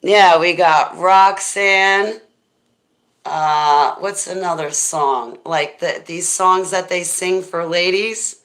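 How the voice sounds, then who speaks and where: A middle-aged woman with a deep, smoky voice, hosting a rambling, goofy livestream chat and thanking viewers as she goes. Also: slow, a bit bright. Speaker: livestream host.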